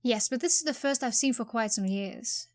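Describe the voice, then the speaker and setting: A woman voicing a polite male antiques expert in a game, courteous and measured. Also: on the high side, natural voice. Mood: informative.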